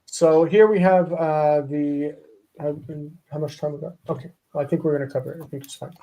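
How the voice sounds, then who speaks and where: A man's voice: a little high, steady tone, a little fast, warm tone, a little hiss or hum. A man teaching a live online Hebrew lesson, patiently repeating terms and rules.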